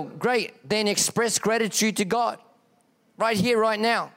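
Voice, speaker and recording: A pastor preaches to his church in a high, smooth, resonant voice. He is passionate, leaning on repeated exhortations and swinging his emphasis up and down as he drives each point home. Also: measured pace, a bit bright. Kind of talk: sermon.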